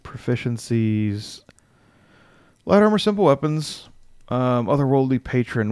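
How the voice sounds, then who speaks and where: A man's voice: fairly low pitch, normal speed, darkish tone, smooth, no room sound, studio quality. A man chatting casually on a livestream as he builds a game character, thinking aloud, reading rules text and answering his chat.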